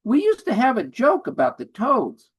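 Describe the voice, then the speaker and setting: An older man voicing a chatty Bermudian man in a post office line, raising his pitch for the quotes. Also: wildly swooping pitch, normal speed, husky, exaggerated voice. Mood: telling joke.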